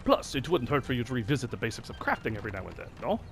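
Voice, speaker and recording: A man's voice: mid-range voice, sing-song, racing, over music. A man reading a cheerful female camp quartermaster's lines in a mock old-time French stage accent. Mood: hammy. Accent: mock French, old-time stage style. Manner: theatrical read of on-screen dialogue.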